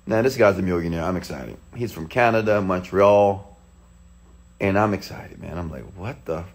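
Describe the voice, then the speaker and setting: A man in his thirties, a motivational speaker, telling a personal story in an animated way, with sudden excited shouts. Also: sits low, moderate pace.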